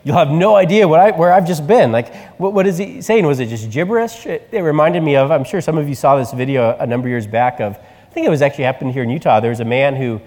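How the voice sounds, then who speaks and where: A male pastor delivering a sermon in a conversational, animated storytelling manner. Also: mid-range voice, quick pace, in a large hall. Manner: conversational preaching, animated retelling.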